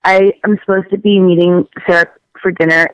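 A woman chatting casually on a call, speaking in a quick, apologetic, affectionate way, over a slightly muffled call line. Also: lowish voice, flat delivery, smooth, no room sound. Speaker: caller. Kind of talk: casual phone chat.

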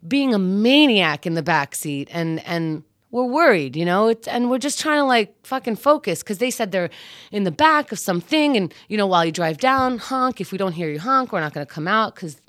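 Woman, casual storytelling, profane, animated, dry close sound. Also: mid-range voice, moderate pace, no room sound. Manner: animated, profane, acts out quotes.

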